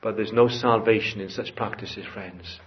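A man's voice: on the low side, fairly even intonation, normal speed. A man preaching a sermon in a church, earnest and building to fervent emphasis. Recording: dull lo-fi church recording.

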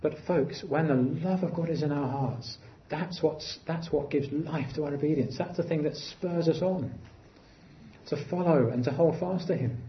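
A man's voice: moderate pace, slight background noise. Earnest male preacher, slightly muffled. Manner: earnest, builds to emphatic lifts and drops to quiet low phrases. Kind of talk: sermon.

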